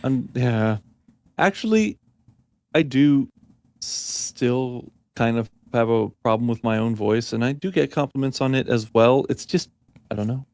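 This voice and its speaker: Co-host just chatting, mid pitch, jokes around, dry close sound. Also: a little slow, darkish tone, dry recording. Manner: easygoing, jokes and laughs along. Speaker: podcast co-host. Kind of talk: casual chat.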